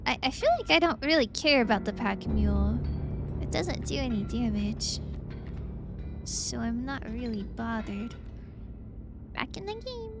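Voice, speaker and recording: Gravelly-voiced excitable woman streamer. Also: a little high, a little slow. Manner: excitable, drops into whispered asides. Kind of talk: casual gameplay commentary, reading game text aloud. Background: game music.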